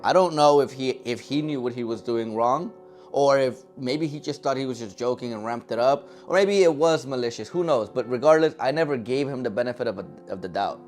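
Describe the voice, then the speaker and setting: A young man telling a personal story in a comic vlog, animated and acting out quotes in different voices. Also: mid-range voice, a little fast, soft background music. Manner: animated, acts out his own thoughts and other people in quoted voices.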